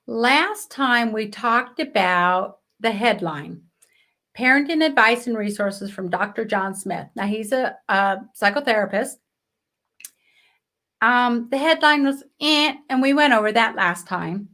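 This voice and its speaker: A woman's voice: on the high side, expressive, slow pace, fairly bright tone. A woman hosting a live business show, teaching marketing in a chatty, direct way with rhetorical questions.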